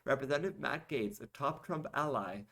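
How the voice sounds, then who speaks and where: Casual male podcast host, young adult, mid-pitched, reads articles with sarcastic commentary. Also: brisk, creaky, fairly bright tone. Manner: sarcastic asides between read-out articles. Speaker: podcast host reading news.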